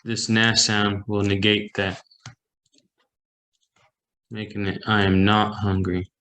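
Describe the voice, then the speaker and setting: A man's voice: lowish voice, flat delivery, takes it slowly, bright, forceful tone, rough recording. A man teaching a language class over a video call, patiently explaining and repeating example phrases. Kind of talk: online language lesson. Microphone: computer mic on a video call.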